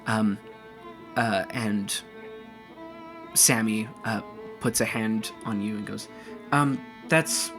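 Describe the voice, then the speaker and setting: A man narrating as game master of a tabletop game, talking in a lively way with many fillers. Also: on the low side, slow pace, long pauses, music in the background.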